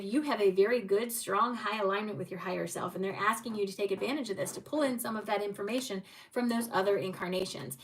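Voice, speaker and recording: A woman's voice: medium pitch, distant mic, rough recording. A woman giving tarot card readings on a livestream, speaking encouragingly and addressing viewers by name.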